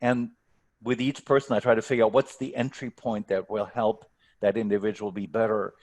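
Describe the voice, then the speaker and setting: Male speaking coach, fairly low-pitched, earnest, stumbles into restarts, heard over a video call. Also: level tone, a little fast, darkish tone. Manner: earnest, stumbling restarts, leaning on key words. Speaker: speaking coach, workshop guest. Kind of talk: coaching advice in a Q&A.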